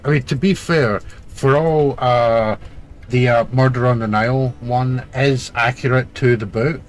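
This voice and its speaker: A man chatting casually over gameplay, blunt and sweary, quick to argue. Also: mid-range voice, fairly even intonation. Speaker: let's play co-host.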